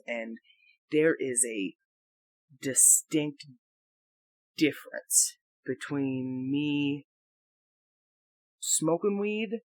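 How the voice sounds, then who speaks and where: A man rambling through a reflective solo audio blog into a microphone, halting and questioning himself as he goes, swearing freely. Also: medium pitch, a bit bright, dry recording. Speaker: audio blogger. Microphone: talking into a microphone.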